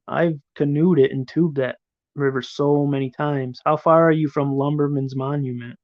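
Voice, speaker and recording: Brief: middle-aged male stream host, gravelly and rough, swears freely, rambles off viewer comments, dry muffled audio. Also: on the high side, steady tone, normal speed, darkish tone, no echo. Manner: rambling and profane. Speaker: livestream host. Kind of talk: casual live chat, answering viewers.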